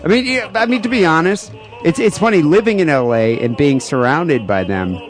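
A man co-hosting a podcast in casual, irreverent chat, animated and often restarting his sentences. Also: on the high side, brisk, faint music behind. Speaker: podcast co-host. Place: home studio in LA.

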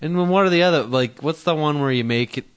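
A man's voice: on the high side, brisk, smooth. Wry male podcast co-host. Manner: dry, wry asides. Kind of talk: casual podcast banter.

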